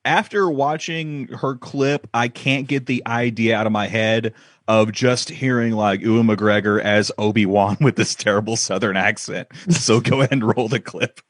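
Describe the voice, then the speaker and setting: A man's voice: lowish voice, normal speed, no room sound, clean studio sound. A man co-hosting a livestream chat, teasing his co-host and cueing clips. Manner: teasing and upbeat. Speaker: co-host and producer.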